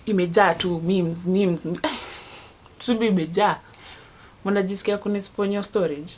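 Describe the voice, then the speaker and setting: A woman's voice: medium pitch, fairly even intonation, measured pace, heavy background noise. A young woman with a Kenyan accent, chatting casually in a rambling storytelling vlog and laughing at herself. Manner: drops to a hushed voice at times. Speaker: vlogger.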